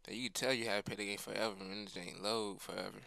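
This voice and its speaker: A man's voice: on the low side, fairly even intonation, quick pace, gravelly, sharp tone, no room sound. A young man casually commenting on a game he is playing, rambling in slang and chatting to his viewers. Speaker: gaming streamer.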